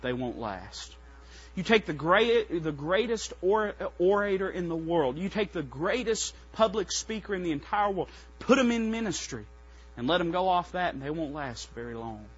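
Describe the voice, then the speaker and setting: A male pastor with a high, bright voice and a husky edge delivers a sermon. He preaches in a folksy, impassioned way and talks straight to his listeners. The sound is dull and lo-fi. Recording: dull lo-fi recording.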